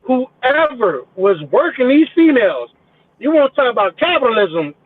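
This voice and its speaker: High-voiced profane man over a phone line. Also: normal speed. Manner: profane, animated, mimics people in quotes. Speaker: podcast guest. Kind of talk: casual storytelling. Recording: tinny phone-like line, dry.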